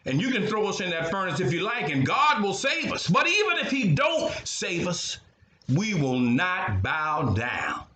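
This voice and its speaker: An older man voicing three faithful young men who answer the king calmly and steadily. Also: high-pitched, unhurried, echoey room, heavily acted. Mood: calm resolve. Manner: calm, steady.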